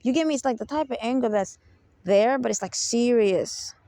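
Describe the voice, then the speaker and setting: A woman talks straight to the listener in a loose, emphatic advice monologue and keeps checking that she is understood. Her voice sits a little high and has a gravelly, fried edge. The sound is dry and close, with no room around it. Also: moderate pace, mellow, dry recording. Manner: emphatic, keeps asking "you get me?". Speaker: self-help speaker.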